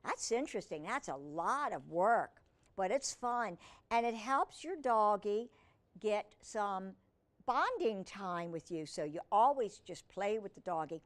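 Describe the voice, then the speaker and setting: A woman reading picture books to children, gentle and teacherly, often asking the listener questions. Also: medium pitch, expressive, a little slow. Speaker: children's storyteller.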